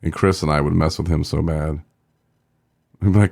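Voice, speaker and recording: Very deep gravelly-voiced man chatting. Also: fairly even intonation, a little fast, darkish tone, no echo, clean studio sound. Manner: rambling, jokey, trails off. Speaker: podcast co-host. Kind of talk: casual chat.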